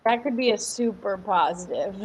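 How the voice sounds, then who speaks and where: A woman's voice: medium pitch, a little slow, a little mellow, breathy edge. A young woman fitness coach on a home live stream. She explains a workout in an upbeat, chatty way, answers viewers by name and laughs often. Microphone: camera mic at home.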